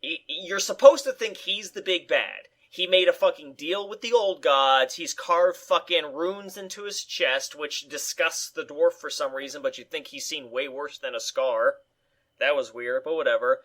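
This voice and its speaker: A man co-hosting a casual movie review chat, ranting in a profane, animated way. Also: on the high side, moderate pace.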